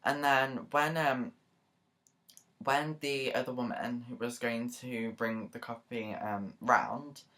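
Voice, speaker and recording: An extremely low-pitched yet fairly bright female voice speaks slowly with fairly even intonation. She's a YouTuber chatting casually to camera, rambling in an earnest, emotional way with frequent asides and fillers.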